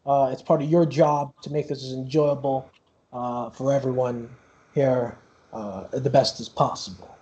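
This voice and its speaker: A man's voice: mid-range voice, steady tone, unhurried, dark tone, highs cut off, close to an everyday voice. A man voicing a flamboyant, vain male keytar star who gushes at everyone. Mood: gushing. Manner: showy, self-adoring.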